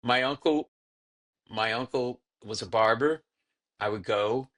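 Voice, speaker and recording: A man's voice: mid-range voice, unhurried. Guy telling funny family stories, jumps into relatives' voices, chatty and loose. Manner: animated storyteller who acts out family characters. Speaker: comedian guest. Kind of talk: storytelling in casual conversation.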